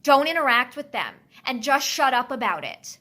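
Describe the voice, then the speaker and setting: A woman's voice: high-pitched, sing-song, moderate pace, pushed and bright. Earnest woman in a social-media clip. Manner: earnest, explaining, turns blunt. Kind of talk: casual social media monologue.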